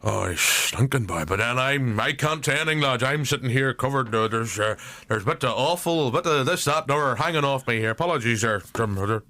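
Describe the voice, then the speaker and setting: A man's voice: lively intonation, brisk, pushed and bright, no echo. A man with a Northern Irish accent voicing a foul-mouthed elderly male butcher in an improvised comedy sketch. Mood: rambling. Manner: profane, rambling, high strained delivery.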